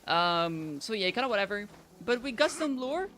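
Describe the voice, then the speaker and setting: A woman's voice: mid-range voice, sing-song, moderate pace, a bit bright, a little hiss or hum. A woman from France with a slight French accent, chatting casually with her stream viewers in a rambling way, full of fillers and restarts.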